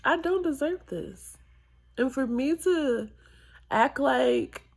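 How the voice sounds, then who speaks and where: Slow, tearful woman talking to camera. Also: sits high, expressive, vocal fry. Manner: halting and reflective, with sighs and soft whispered asides. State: tearful, close to crying. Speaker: vlogger. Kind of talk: personal vlog confession.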